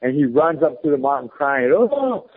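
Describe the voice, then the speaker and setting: A man's voice: mid-range voice, big pitch swings, measured pace, husky. A man in his thirties telling a story in a casual chat, blunt, heated and swearing often. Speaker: podcast guest. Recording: phone-like lo-fi podcast audio.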